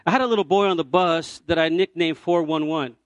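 A man from Puerto Rico preaching a sermon as a traveling evangelist, telling a story and swinging from loud cries to hushed, near-whispered moments. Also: a little high, brisk, no room sound.

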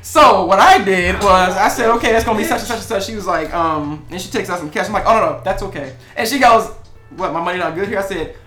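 A man co-hosting a casual podcast, telling a work story with lively acted-out quotes and laughter. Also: high voice, fast talker, few pauses, echoey room, soft background music. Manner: animated, acts out quotes with laughs. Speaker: podcast co-host.

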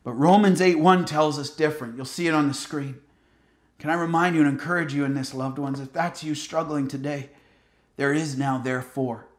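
A man's voice: on the high side, steady tone, moderate pace. A male pastor preaching a sermon, earnestly exhorting his listeners and often calling them loved ones. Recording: roomy echo.

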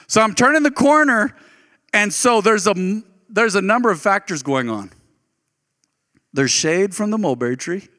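A man preaching a sermon, telling a personal story with animated, folksy delivery and sudden jumps in pitch. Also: moderate pace. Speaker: pastor. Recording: reverberant hall.

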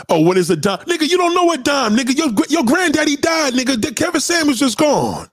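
Brief: male livestream host, high-pitched and very animated, profane combative rant, dry close sound. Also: a little fast, few pauses, no room sound. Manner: profane, combative, repeats himself. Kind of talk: unscripted rant to a live chat.

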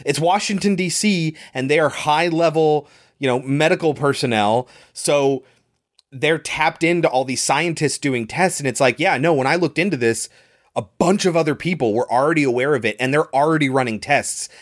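A man's voice: fairly high pitch, normal speed. Rambling man explaining a movie plot. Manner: rambling, filler-heavy explaining. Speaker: podcast co-host. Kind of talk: casual movie-recap chat.

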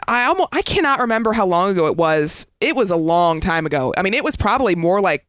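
A woman co-hosts a casual podcast, blunt and quick to laugh. Her pitch swings a lot, and her voice is smooth and clear. The recording is close and dry. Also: sing-song, a bit bright, no echo. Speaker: podcast co-host. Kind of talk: casual comedic podcast banter.

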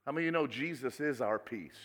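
Male preacher, bright and slightly high, with dramatic swings in volume, recorded in a reverberant hall. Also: fast. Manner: dramatic swings from soft asides to loud exclamations. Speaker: pastor. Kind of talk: sermon. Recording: echoey hall with long reverb.

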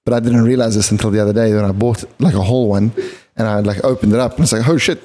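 A man's voice: lowish voice, steady tone, very fast, warm tone. A man co-hosting a podcast, telling stories in a loose, rambling way full of fillers and restarts. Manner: rambling, filler-heavy storytelling. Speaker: podcast co-host. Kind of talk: casual chat. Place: podcast studio set with lights.

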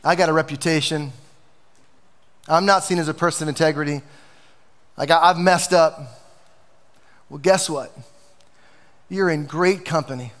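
A man's voice: fairly high pitch, normal speed, long pauses, a bit bright, long reverb tail. A man preaching a sermon as pastor, passionate and emphatic, in a church sanctuary.

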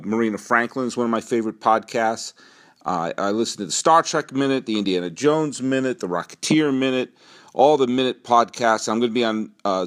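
A middle-aged man with a New England accent hosting a solo sports podcast, rambling and animated, swinging from low asides to excited outbursts. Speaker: podcast host.

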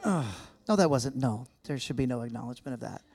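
A man's voice: mid-range voice, animated, fast, a little mellow, slightly rough. A man from the United States giving a casual, joking talk to a church audience and chatting with people in the room. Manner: chatty, joking, interacts with the crowd. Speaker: guest speaker. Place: church hall with a live audience.

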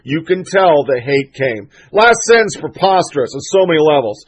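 High-voiced, fired-up male show host. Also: big pitch swings, moderate pace, husky, rough recording. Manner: fired-up, profane, sarcastic ranting. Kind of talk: solo political commentary monologue.

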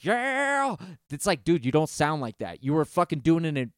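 A man co-hosts a casual music podcast, his voice smooth and resonant. He talks in an animated, profane ramble full of restarts. The sound is close and dry, with no room around it. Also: a little high, brisk, no echo. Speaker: podcast co-host. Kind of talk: casual music review chat.

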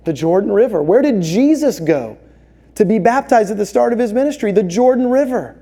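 A man preaching a sermon, telling stories with animated, acted-out quotes. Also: sits high, fairly quick. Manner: animated storytelling, acts out voices in quotes. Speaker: pastor.

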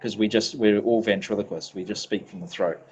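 A man from New Zealand with a New Zealand accent, a podcast guest chatting casually with dry, deadpan jokes. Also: fairly low pitch, fairly quick, slight background noise. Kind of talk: casual chat. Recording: dull lo-fi mic.

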